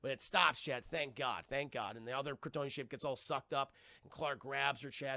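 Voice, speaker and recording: A man's voice: on the high side, vocal fry, sharp tone, no echo, studio quality. A man streaming a casual, profane scene-by-scene film recap and talking to his chat.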